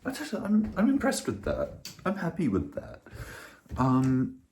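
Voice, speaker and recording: A young man vlogging to camera in a rambling, sweary way, swinging between hushed and loud. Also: medium pitch, wildly swooping pitch, measured pace, a little hiss or hum.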